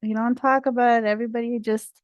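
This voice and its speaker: A woman from India speaking in a talkative, expressive way. She is a guest speaker in a discussion and drifts into tangents. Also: a little high, fast, no echo, lo-fi sound. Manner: talkative, expressive, easily sidetracked. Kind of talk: casual discussion.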